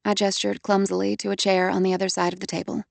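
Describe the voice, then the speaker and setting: A woman reading a first-person audiobook in a quiet, halting way. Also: medium pitch, little pitch movement, gravelly, dry recording. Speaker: audiobook narrator.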